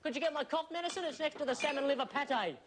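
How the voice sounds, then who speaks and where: Australian male comic, high, wheedling drunk, noisy recording. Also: fast talker, over a noisy crowd. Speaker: comedy performer. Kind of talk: sketch comedy.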